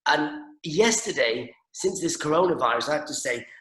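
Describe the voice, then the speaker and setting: A man from northeast England, a comedian telling animated stories over a video call. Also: a little high, moderate pace, echoey room, rough recording. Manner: animated, excitable storytelling. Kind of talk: stand-up style chat on a video call.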